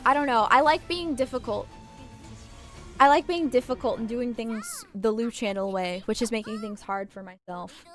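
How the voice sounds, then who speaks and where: A woman's voice: a little high, moderate pace, faint music behind. A woman streaming a game, chatting casually and swearing as she reacts to it, on a desk microphone at home. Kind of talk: live let's-play commentary.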